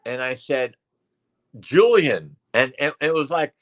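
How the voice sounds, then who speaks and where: An older man co-hosting as a psychic medium, talking at home in a rambling, halting way with many fillers and restarts. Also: mid-range voice, steady tone, bright, forceful tone. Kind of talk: casual chat.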